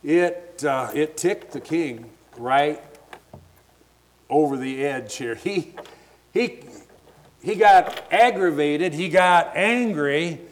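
Man, preacher, sermon, slow delivery, emphatic, retells scripture plainly. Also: a little high, slight background noise.

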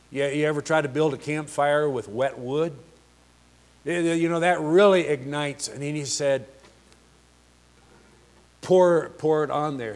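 A man preaching a sermon, slow and emphatic, asking the congregation rhetorical questions. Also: mid-range voice, a little mellow. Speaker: pastor.

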